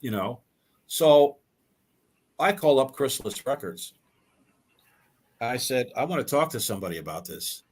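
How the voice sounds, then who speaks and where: Older male musician, interview guest; animated anecdotes, acts out other people's lines, many restarts. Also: mid-range voice, unhurried, long pauses. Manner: animated storyteller who acts out quoted dialogue; frequent repeated words and restarts. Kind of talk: storytelling in a casual interview.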